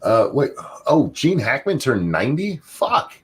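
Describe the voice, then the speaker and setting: A man hosting a livestream chat, reading viewer comments aloud and swinging between loud jokes and mumbled asides. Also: medium pitch, big pitch swings, unhurried, husky. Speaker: livestream show host.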